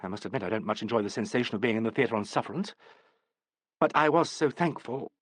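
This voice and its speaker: A man's voice: mid-range voice, animated, fast, a bit bright, slightly rough, no echo, studio quality. A man voicing an earnest young woman understudy. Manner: pleading, apologetic.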